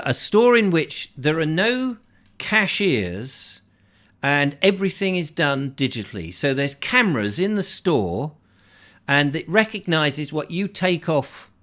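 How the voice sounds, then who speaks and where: A man's voice: fairly high pitch, sing-song, unhurried, fairly bright tone. A middle-aged English man hosting a comic live chat show, rambling and acting out chatty shop exchanges. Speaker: host.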